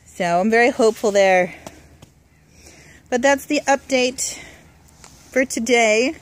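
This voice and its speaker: A young adult woman giving a casual, relaxed tour of her home garden outdoors, talking into a handheld camera with plenty of "uh" and "um". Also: on the high side, takes it slowly. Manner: chatty and relaxed, with frequent "uh" and "um". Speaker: home gardener, channel host.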